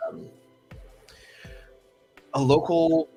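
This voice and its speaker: A man's voice: on the high side, level tone, extremely slow, warm tone, soft background music, poor audio. A man hosting a livestream, telling a story in a chatty, rambling way full of asides. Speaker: host.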